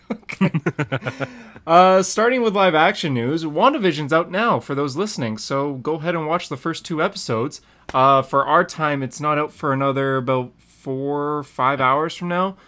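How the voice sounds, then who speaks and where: A man's voice: on the high side, normal speed, bright, forceful tone. A man co-hosting a podcast in casual chat, upbeat and running through the news segments. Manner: upbeat, laughs often, runs the segments. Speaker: podcast co-host.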